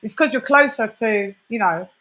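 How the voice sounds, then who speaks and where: A woman in easy, rambling conversation on a live stream, her voice bright and forward. She chats freely, laughs often and breaks off to greet viewers. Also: fairly high pitch, lively intonation, normal speed, low-quality recording. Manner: chatty, laughs often, reads out viewer comments. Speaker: co-host. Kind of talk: casual chat on a live stream.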